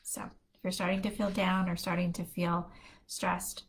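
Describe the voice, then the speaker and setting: A woman's voice: on the low side, level tone, normal speed, creaky, slightly rough. A middle-aged woman hosting a casual live stream, telling family stories in a chatty way and laughing often as she talks. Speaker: host of a positivity live stream.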